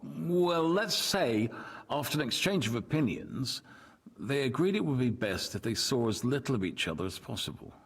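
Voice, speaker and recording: An actor playing a measured, diplomatic medieval nobleman who is loyal to his king, in video game voice acting. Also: medium pitch, animated, slightly rough. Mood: calm. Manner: diplomatic, composed.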